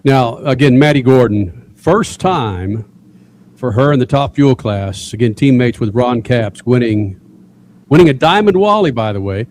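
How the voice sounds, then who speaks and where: Mid-pitched man interviewing. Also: lively intonation, measured pace, darkish tone, slight background noise. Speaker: racing show host.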